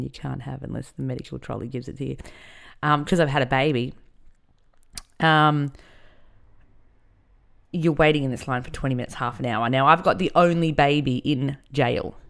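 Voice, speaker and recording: A woman's voice: rumbling low, vocal fry. A woman hosting a podcast, candidly telling a personal story in a conversational way. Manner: candid and conversational, with many fillers. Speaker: podcast host.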